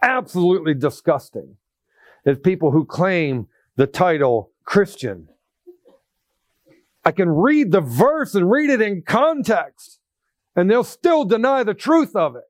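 A man preaching a sermon as pastor, animated, acting out scripture quotes in different voices and laughing now and then. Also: high-pitched, a little slow, dry recording, studio quality.

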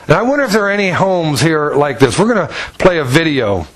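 An animated male pastor delivering a sermon, his voice sitting a little high for a man. He tells stories to the congregation and slips into the voices of the people in them. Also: quick pace, few pauses, rough recording. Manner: animated storytelling, acts out voices with pitch jumps.

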